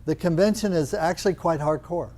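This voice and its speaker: An older man leads a live yoga class in a teaching room, explaining with quick questions and teasing his students. His voice sits a little high. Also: mellow.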